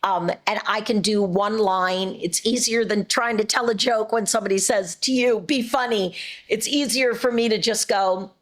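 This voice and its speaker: A middle-aged woman voice actress chatting as an interview guest, warm and rambling with frequent restarts. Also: medium pitch, steady tone, normal speed, few pauses. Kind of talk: casual interview chat.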